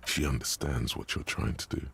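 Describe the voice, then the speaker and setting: A man voicing a grim, knowing narrator in a video game, speaking in measured, ominous commentary with a gravelly, raspy voice. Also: very deep voice, steady tone, a bit bright, heavily acted.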